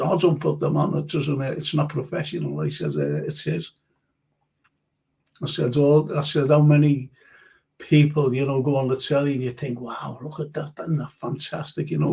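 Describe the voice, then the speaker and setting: A man's voice: on the high side, creaky, darkish tone, husky, lo-fi sound. An older man with a Liverpool accent hosting a casual live-stream chat show, rambling and reading out viewers' comments. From Liverpool, England. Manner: chatty and rambling, reads out comments, laughs easily. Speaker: host of online history and chat show.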